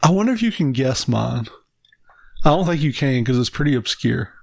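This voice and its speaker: A man's voice: mid-range voice, very animated, normal speed, creaky, no room sound, clean studio sound. A man co-hosting a podcast, laid-back and profane, trading crude jokes and agreeing along. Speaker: podcast co-host. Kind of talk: crude casual banter.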